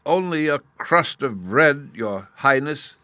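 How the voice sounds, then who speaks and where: A man voicing a frail, dignified old beggar who pleads meekly and slowly. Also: medium pitch, pushed and bright, no room sound, pitched above the performer's own voice. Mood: pleading. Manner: pleading, slow, meek.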